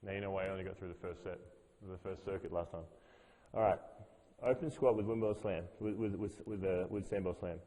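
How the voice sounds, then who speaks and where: A man's voice: sits low, fairly even intonation, a little fast, mellow, big-room sound, poor audio. Man coaching a gym workshop. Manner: explains step by step, repeats cues. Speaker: fitness master trainer.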